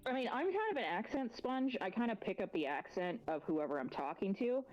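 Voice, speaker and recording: A woman who works as a teacher, chatting as a guest in a relaxed, rambling way. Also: medium pitch, a little fast, muffled recording, soft background music. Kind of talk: casual chat.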